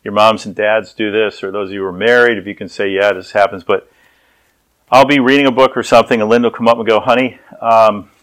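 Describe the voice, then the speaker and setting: A man's voice: on the low side, steady tone, fast talker, a bit bright, low-quality recording. A man preaching a sermon as pastor, telling personal stories and acting out the people in them. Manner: storytelling, acts out voices.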